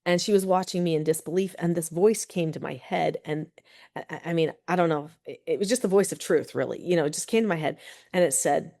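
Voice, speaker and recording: A middle-aged woman, a parenting expert, telling personal stories as a guest in a podcast interview, animated and full of "like" and "you know". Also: on the low side, fast. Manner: animated storyteller, many fillers like "like" and "you know".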